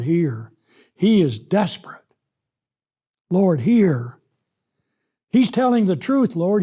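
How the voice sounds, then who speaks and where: Slow, emphatic preacher man, high voice. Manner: slow, emphatic, rises loud when voicing God. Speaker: preacher teaching scripture. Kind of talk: sermon, Bible lesson.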